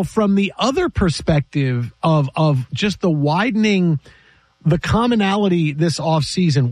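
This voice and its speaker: A man co-hosting a casual sports talk show, animated and emphatic, arguing his point with quick asides. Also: on the high side, dry recording.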